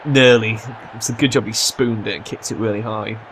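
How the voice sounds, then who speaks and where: A young man commentating his own football management game, swearing and yelling at his players when they mess up. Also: fairly low pitch, steady tone, fairly quick, a little hiss or hum. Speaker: gaming commentator. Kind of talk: let's play commentary.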